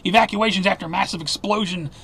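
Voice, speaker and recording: Excitable high-voiced man reading news. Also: vocal fry, husky. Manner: sarcastic, excitable, talks fast with fillers. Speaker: news commentary host. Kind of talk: fast conspiracy news roundup.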